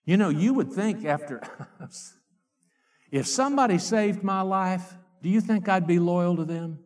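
A middle-aged evangelist preaches a fiery revival sermon at an unhurried pace. He swings between shouted outbursts and quiet, confiding asides.

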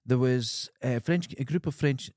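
A man's voice: medium pitch, a little slow, a little mellow, dry recording, clean studio sound. A Scottish man co-hosting a podcast, telling loose anecdotes that trail off and restart in casual chat. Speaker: podcast co-host.

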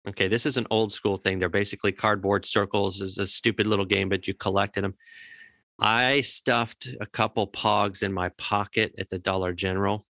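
Playful low-voiced male co-host. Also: steady tone, normal speed, bright, forceful tone, no room sound, studio quality. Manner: playful, jokey asides. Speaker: podcast co-host. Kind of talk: casual storytelling chat.

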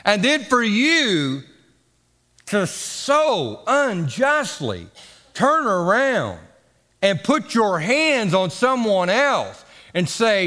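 A man's voice: high voice, very animated, slow pace, pushed and bright, long reverb tail. A man preaching a sermon, leading call-and-response and drawing out his phrases for drama. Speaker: pastor.

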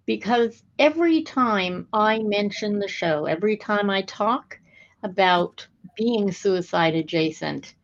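Lady podcast host, talks real slow and careful, kinda dull audio. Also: medium pitch. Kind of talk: interview intro.

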